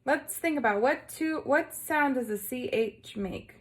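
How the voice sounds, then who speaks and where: Slow, patient woman teaching young children. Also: high voice. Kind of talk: early-grade lesson video.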